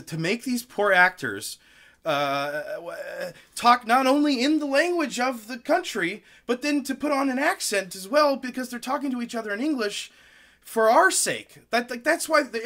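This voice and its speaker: A man co-hosting and producing a movie review show, chatty and joking, quick to agree. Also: extremely high pitch, sharp tone. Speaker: producer and co-host. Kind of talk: casual review chat.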